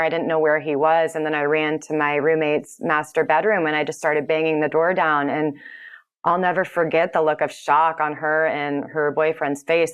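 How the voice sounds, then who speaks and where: Low, clear-voiced woman telling her story. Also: muffled recording. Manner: earnest, halting, with many fillers and restarts. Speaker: guest. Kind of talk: personal storytelling in an interview.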